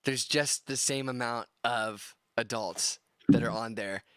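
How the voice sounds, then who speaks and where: Rambling man, bright and clear. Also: medium pitch, a little slow, no echo, studio quality. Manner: rambling, heavy on fillers and swearing. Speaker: podcast panelist. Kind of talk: casual gaming chat.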